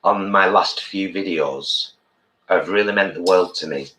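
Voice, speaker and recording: Man, co-host of a live-stream meal chat, low bright voice, jokey and warm-hearted. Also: unhurried. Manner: playful, jokey, affectionate. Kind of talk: casual live-stream chat while eating.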